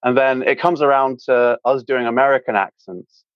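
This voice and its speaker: A man's voice: medium pitch, fairly even intonation, normal speed, no room sound. A young man with a British accent, a guest in a casual interview, talking in a rambling way with lots of fillers. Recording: dull, dry lo-fi sound.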